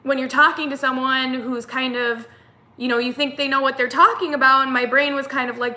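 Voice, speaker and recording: Bright-voiced young woman telling a story. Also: high voice, a little fast. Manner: animated retelling, acts out quotes, fillers like "like". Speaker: vlogger. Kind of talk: casual storytime chat.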